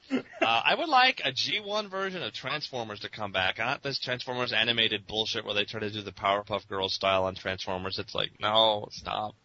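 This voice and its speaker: A man's voice: brisk, a crowd in the background. A man in casual conversation who rambles, swears freely, mocks himself and laughs often. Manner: rambling, profane, self-mocking, laughs often. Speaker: podcast interviewee. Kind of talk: casual chat. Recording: muffled lo-fi recording with faint rumble.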